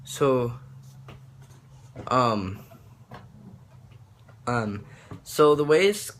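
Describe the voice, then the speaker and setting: A man's voice: medium pitch, expressive, extremely slow, pauses often, fairly bright tone, slight background noise. A young man talking casually about accents, rambling and hesitant with many fillers and restarts. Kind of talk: casual accent tutorial vlog.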